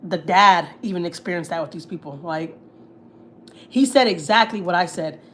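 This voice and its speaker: A woman's voice: on the low side, normal speed, a little hiss or hum. Heated, profane woman telling gossip. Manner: blunt, heated and profane, with lots of fillers. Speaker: family vlogger on a livestream. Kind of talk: casual storytelling, gossip.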